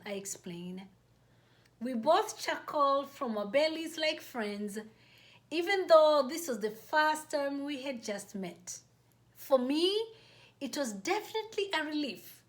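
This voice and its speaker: A woman host reading her own personal story aloud, in a measured, deliberate way. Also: high-pitched.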